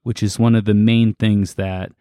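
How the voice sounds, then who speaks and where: A man co-hosting a casual podcast chat, relaxed and halting as he reads from his notes. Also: on the low side, clean tone, no echo, studio quality. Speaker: podcast co-host.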